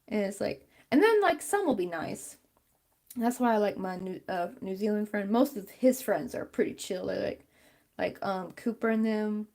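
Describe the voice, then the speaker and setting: A woman's voice: medium pitch, a little mellow. A woman chatting casually and rambling with many fillers while she crochets on a stream.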